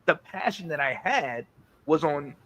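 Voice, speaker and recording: 40s guy from north carolina, kinda high voice, animated rambly sports storytelling on a podcast. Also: measured pace. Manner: animated storytelling, often repeats words. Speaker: podcast co-host. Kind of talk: casual sports chat.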